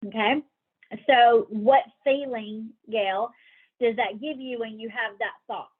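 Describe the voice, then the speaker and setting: A woman leading a motivational team call, talking lively, acting out worried inner voices and asking her group questions over a call line. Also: on the high side, slow pace, breathy edge. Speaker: team leader coaching a sales team. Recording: tinny phone-like call audio.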